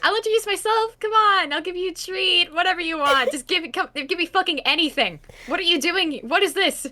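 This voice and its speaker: A woman's voice: very high voice, bright, forceful tone. A woman playing a tabletop game, giggly and playful as she joins in. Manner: giggly, playful, quick to joke. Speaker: player. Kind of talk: casual tabletop play.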